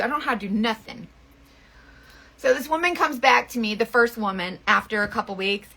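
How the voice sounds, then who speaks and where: A woman's voice: fairly high pitch, moderate pace, creaky, pushed and bright. A woman telling a rambling story in casual chat, full of fillers and restarts. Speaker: makeup seller and vlogger.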